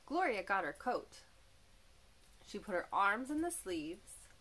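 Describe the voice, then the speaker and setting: A woman teacher giving a gentle, clearly spoken lesson to young children, addressing them as friends. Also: medium pitch, very animated, takes it slowly. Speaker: preschool teacher.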